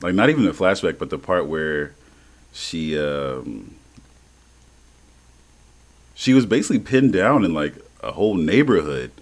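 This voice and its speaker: A man co-hosting a podcast in casual chat, animated and slangy, laughing often and swearing freely. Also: low-pitched, a little slow, long pauses. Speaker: podcast co-host.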